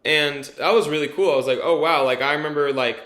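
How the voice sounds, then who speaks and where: A man's voice: on the high side, quick pace, a bit bright, roomy sound. A man rambling candidly through a personal vlog testimonial, full of fillers and casual swearing. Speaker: vlogger giving a testimonial.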